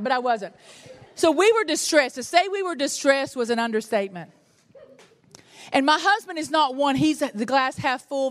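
A middle-aged woman, preaching a sermon and telling a personal story with animated, self-mocking humor. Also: on the high side, big-room sound. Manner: animated storytelling, laughs at herself. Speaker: pastor's wife and preacher.

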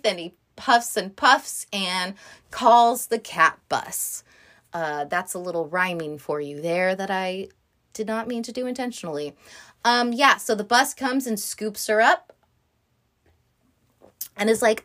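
Chatty lady retelling a movie plot, cusses freely, middle-pitched voice. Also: expressive, normal speed, a bit bright. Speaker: movie recap vlogger. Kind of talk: casual film retelling.

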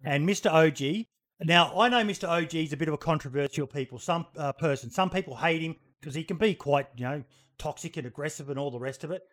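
A man's voice: a little high, quick pace, a bit bright. A man hosting a casual livestream podcast, talking bluntly and swearing freely. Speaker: podcast host.

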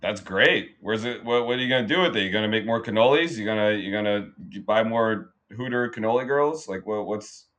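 A man's voice: fairly low pitch, brisk, few pauses, fairly bright tone, muffled recording. A man co-hosting a podcast, teasing his friend with joking banter in casual chat. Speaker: podcast co-host.

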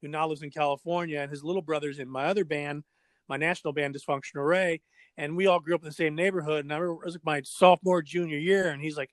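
A man's voice: on the high side, fast talker, dry recording. A middle-aged man, a drummer and former pro skateboarder, telling stories in a casual interview and acting out voices and sound effects. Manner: animated storyteller, acts out voices and sound effects.

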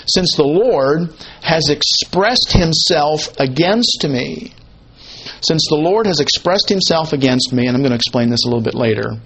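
A man teaching a Bible passage in a conversational way, slowing down to quote and stress words of the text. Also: medium pitch, a little hiss or hum. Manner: conversational, explains Hebrew word order, quotes text slowly with emphasis.

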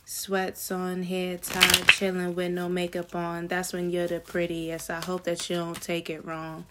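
A woman giving a casual tarot reading to her viewers, chatty and slangy with excited asides. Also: fairly low pitch, measured pace, slight background noise. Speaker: tarot reader.

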